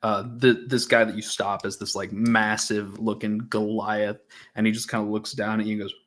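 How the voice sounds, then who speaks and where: Low-voiced male game master, casual narration, lots of restarts and fillers. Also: flat delivery, moderate pace, a bit bright.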